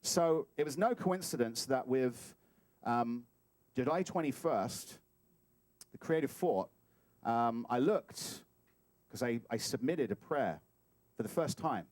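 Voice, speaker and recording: A man giving a sermon as a guest speaker, animated and playful, acting out little scenes as he talks. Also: medium pitch, slow, long pauses, no echo. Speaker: guest speaker at a spiritual center. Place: talk hall.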